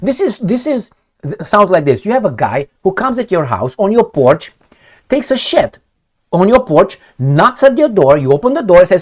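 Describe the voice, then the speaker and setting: A man's voice: sits high, sing-song, normal speed. A man with a Romanian accent, a commentary host talking through world affairs in a blunt, crude, mocking way. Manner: shows a map while talking. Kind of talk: casual monologue commentary.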